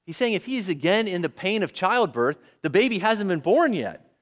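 Lively male preacher asking questions. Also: sits high, normal speed. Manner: lively, asks the audience questions. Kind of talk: sermon.

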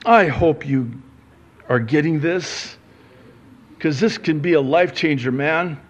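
A man's voice: takes it slowly, highs cut off. Man preaching a casual, emphatic sermon. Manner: conversational, swinging from soft and low to loud and emphatic. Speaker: pastor.

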